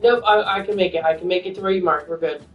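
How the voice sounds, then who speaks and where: A woman's voice: fairly low pitch, fast, soft background music. A woman chats casually while playing a game, cursing freely and breaking into laughter. Her voice sounds roomy and set back from the microphone. The recording is dull and lo-fi. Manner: chatty, swears freely, laughs often. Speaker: gamer chatting on voice chat. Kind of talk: casual gaming chat. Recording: roomy, distant, dull lo-fi mic.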